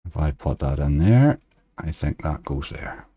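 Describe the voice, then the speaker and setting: A man's voice: a bass voice, animated, measured pace, husky, highs cut off. A man hosting a casual livestream, chatting loosely and reading out viewers' messages into a desk microphone. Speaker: slots livestreamer. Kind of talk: casual live-stream chat.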